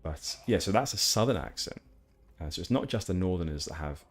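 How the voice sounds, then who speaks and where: While streaming a game, a young man from Hampshire, England, rambles to viewers in casual chat full of fillers and restarts. His voice is low-pitched and expressive, and his delivery is brisk.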